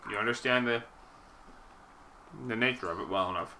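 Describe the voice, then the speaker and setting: A man's voice: medium pitch, moderate pace, bright, forceful tone, slight background noise. A man narrating as game master, giving dry, matter-of-fact rulings, recorded in a roomy space from a distance.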